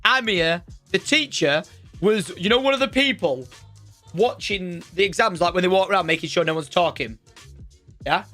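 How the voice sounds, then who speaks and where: A man's voice: high-pitched, normal speed, soft background music. A young man telling a stream audience a story about school, swearing freely and acting out the characters with plenty of energy. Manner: swearing, lively, acts out the teacher's shouting. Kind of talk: animated storytelling on a live stream. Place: home streaming room.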